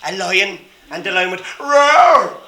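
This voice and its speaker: A storyteller from Cork, Ireland, telling a story to children in a lively way and asking them questions. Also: medium pitch, quick pace. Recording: roomy echo.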